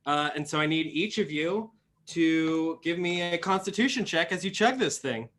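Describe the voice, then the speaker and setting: Young male game master, a bit high-pitched, rambling filler-heavy narration. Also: expressive, moderate pace, fairly bright tone. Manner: rambling, many fillers and restarts.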